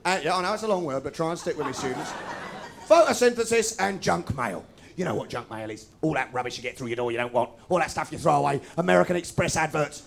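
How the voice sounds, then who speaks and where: A man performing a fast, sarcastic stand-up routine for a live audience, ranting and then breaking into sudden shouts. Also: on the high side, animated, vocal fry. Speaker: stand-up comedian. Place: students' union bar with live audience.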